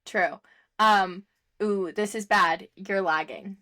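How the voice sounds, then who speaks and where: Young woman, podcast co-host, casual chat, lots of fillers, mid pitch, dry close sound. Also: slow, pushed and bright, no room sound. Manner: chatty, full of fillers and laughs.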